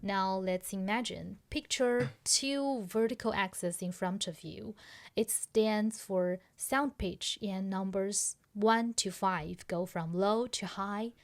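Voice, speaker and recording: A woman's voice: medium pitch, slow. A woman hosting a podcast pronunciation lesson, explaining patiently step by step and checking that listeners follow. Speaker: language teacher and podcast host.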